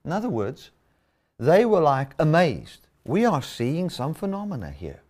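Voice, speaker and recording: A man's voice: on the high side, huge pitch swings, a little slow, a little mellow. A man preaching a sermon, reading and explaining scripture with emphatic stress.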